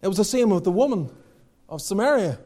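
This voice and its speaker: A man preaches a sermon in a high, expressive, mellow voice at a fairly quick pace. He speaks earnestly, builds to emphatic exhortations, and quotes scripture in King James wording.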